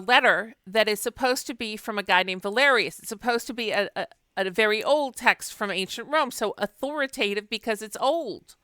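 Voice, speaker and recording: A woman's voice: mid-range voice, bright, forceful tone, smooth, no echo, studio quality. A woman giving a chatty, wry lecture on medieval literature, with frequent fillers. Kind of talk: casual recorded lecture.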